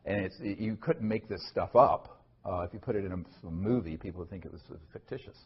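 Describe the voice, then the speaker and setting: A man with a low, slightly rough voice speaks briskly and earnestly at a talk, answering an audience question during a lecture and Q&A. He's conversational, full of fillers and restarts, and the lo-fi recording sounds dull.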